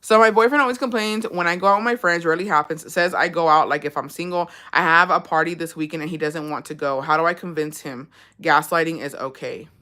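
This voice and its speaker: A woman's voice: low voice, quick pace, hardly any pauses, sharp tone. A woman vlogger giving blunt, profane advice in a casual chat, telling a story with lots of swearing.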